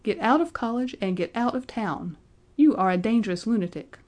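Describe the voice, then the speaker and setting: A woman's voice: mid-range voice, animated, brisk, mellow. Woman playing a stern male college registrar. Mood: angry, stern. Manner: polite then stern and scolding.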